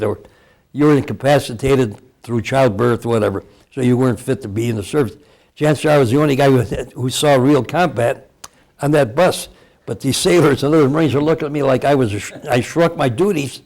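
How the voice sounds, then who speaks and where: A veteran in his eighties from Cleveland, Ohio, tells his story in an oral history interview, rambling and chuckling often. His voice is mid-range, creaky and darkish.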